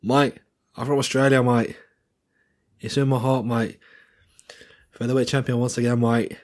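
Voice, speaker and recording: A man's voice: medium pitch, level tone, a little slow, a little mellow, close to an everyday voice. A man putting on a cocky Australian fighter voice. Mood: boastful. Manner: ends every phrase with "mate".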